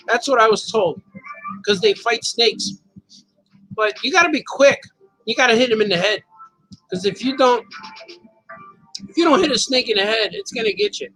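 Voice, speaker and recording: A man's voice: sits high, bright, forceful tone, rough recording. A man hosting a live show, chatting casually and rambling from joke to joke, laughing often as he reads viewer comments. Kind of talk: casual live-stream chat.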